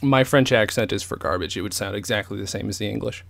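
A man from upstate New York hosting a comedy podcast, measured and reflective, with a self-deprecating streak. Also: lowish voice, gravelly. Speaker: podcast host. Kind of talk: casual podcast chat.

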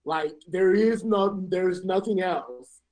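Lower-voiced woman, measured. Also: a little mellow, poor audio. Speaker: podcast co-host. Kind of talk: casual chat about a TV series.

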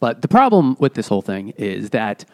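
A man's voice: on the low side, sing-song, normal speed, dry recording, clean studio sound. A man co-hosting a casual podcast chat, tossing in wry, joking asides. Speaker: podcast co-host.

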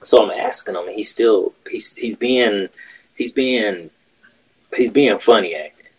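A man's voice: lowish voice, a little slow, slightly rough, poor audio. A man hosting a podcast, telling a workplace story in casual, profane chat. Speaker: podcast host.

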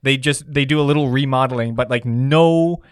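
A man's voice: medium pitch, normal speed, clean tone, no room sound. A man co-hosting a casual podcast chat, hesitant with many fillers and dry jokes. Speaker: podcast co-host.

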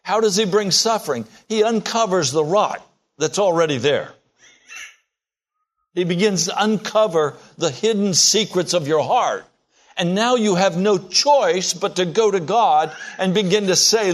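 This sermon comes from a man in his sixties who keeps a measured pace and lively intonation. He speaks emphatically, and his voice rises as he performs the prayers he quotes.

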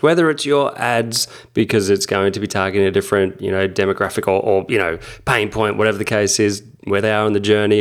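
Male podcast co-host, lower voice, upbeat and chatty. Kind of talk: casual podcast discussion.

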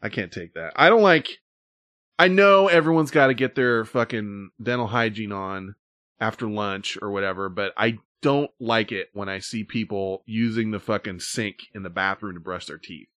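A man with a lowish voice grumbles through his pet peeves in casual chat. He swears freely. The recording is dry, with little room sound. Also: normal speed, fairly bright tone, no echo.

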